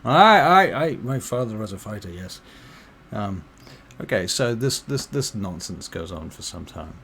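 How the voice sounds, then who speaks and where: A man narrating a tabletop game as game master, relaxed and full of fillers. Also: sits low, moderate pace, vocal fry, slight background noise.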